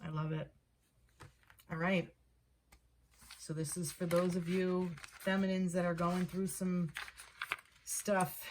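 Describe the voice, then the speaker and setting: Gravelly, slow-talking woman reading tarot. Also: lowish voice, slight background noise. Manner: excitable, repeats herself, thinks aloud. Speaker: tarot reader. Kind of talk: casual tarot card reading.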